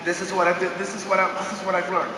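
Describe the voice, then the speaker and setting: High-voiced man speaking in an echoing hall. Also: quick pace. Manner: energetic, storytelling, often calls out "guys", bursts into shouts. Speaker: motivational speaker at a business convention. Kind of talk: motivational stage speech. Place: large convention hall stage. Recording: echoey hall, distant mic, audience noise.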